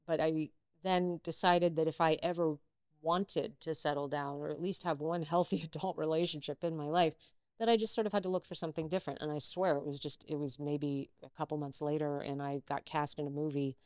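A middle-aged actress, a guest in a casual interview, telling personal stories and acting out what others said. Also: female voice, low-pitched, fairly quick, dry recording, clean studio sound. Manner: animated, acts out quoted dialogue.

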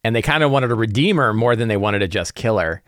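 A man's voice: fairly low pitch, expressive, fast talker, a bit bright, dry recording, studio quality. A man who runs tabletop games, casually recapping a session and planning the next one, with lots of fillers and restarts. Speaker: game master. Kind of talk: casual game-prep vlog.

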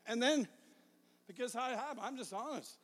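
Middle-aged male evangelist, very high bright voice, shouts then confides, echoing hall. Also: lively intonation, moderate pace. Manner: swings between shouted fervor and quiet confiding. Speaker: evangelist preacher. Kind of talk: sermon. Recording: long hall reverb.

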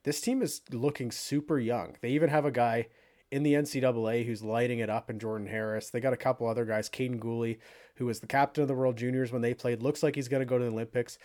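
A man co-hosting a sports podcast, talking in a rambling, animated way with lots of fillers. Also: medium pitch, quick pace. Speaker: podcast co-host. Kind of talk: casual sports chat.

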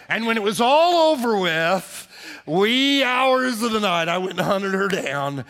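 A middle-aged man preaching a sermon, telling a story vividly and acting out the voices, sometimes dropping to a hush. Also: high voice, unhurried. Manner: animated storyteller, acts out quotes, drops to hushed tones. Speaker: pastor. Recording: live in a reverberant church hall.

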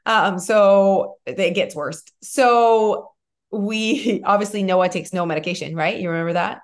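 A woman's voice: medium pitch, a little slow. Chatty woman telling a rambling story. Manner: animated, rambling storytelling with many fillers. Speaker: podcast co-host. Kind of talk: casual chat.

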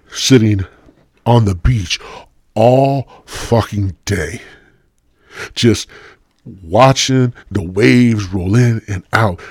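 Low-voiced man ranting, swearing freely. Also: darkish tone, breathy edge, no room sound, studio quality. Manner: rambling, heavy swearing; sardonic, joking asides. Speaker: podcast host. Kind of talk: casual solo rant.

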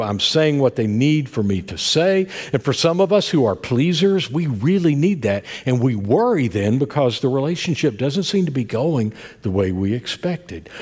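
An older man with an Appalachian accent preaching a sermon, telling folksy family stories with warm asides. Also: medium pitch, slightly rough. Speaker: pastor.

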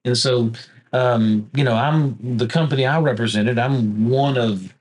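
A man's voice: medium pitch, a little slow. Man telling stories in conversation. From Southeast Texas. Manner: lively storyteller, acting out quoted dialogue. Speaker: attorney guest. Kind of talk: storytelling conversation.

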